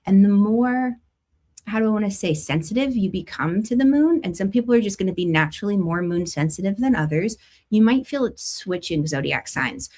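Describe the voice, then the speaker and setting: A woman's voice: medium pitch, fairly quick. A middle-aged woman hosting a spiritual astrology talk, chatting casually with viewers and laughing often. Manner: warm conversational, laughs often, lively emphasis. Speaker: astrology and tarot host.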